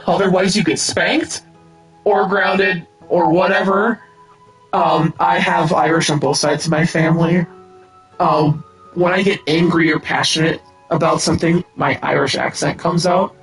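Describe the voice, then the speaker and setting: A man in his thirties from the United States, chatting casually on a game stream in a fairly high voice. He talks slowly and rambles, swearing freely and filling gaps with ums and restarts. Faint game music plays underneath. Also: steady tone, a bit bright, poor audio. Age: 30s. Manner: rambling and profane, with many fillers and restarts.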